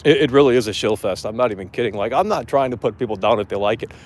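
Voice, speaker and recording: A man's voice: medium pitch, lively intonation, very fast. A man hosting a live gaming show outdoors, talking bluntly and profanely in a casual rant.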